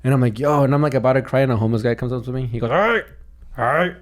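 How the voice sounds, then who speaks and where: Speaking very fast in a mid-range voice, a young man who co-hosts a podcast and does comedy rambles through a story in casual conversation. He keeps restarting and saying "dude."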